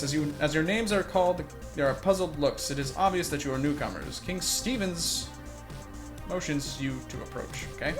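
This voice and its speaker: A man's voice: high-pitched, a bit bright. A man hosting a let's play, reading game text aloud and musing wryly on his choices. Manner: wry, musing.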